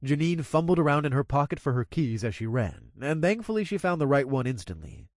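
A man's voice: mid-range voice, sing-song, a little fast, darkish tone, no room sound, studio quality. A man reading a first-person action story aloud in a casual, profane manner. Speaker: narrator.

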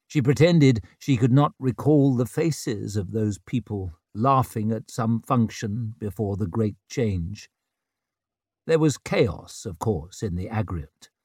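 A man reading a novel aloud in a measured, low-key storytelling voice. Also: darkish tone, no room sound, studio quality. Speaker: audiobook narrator. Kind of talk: scripted narration.

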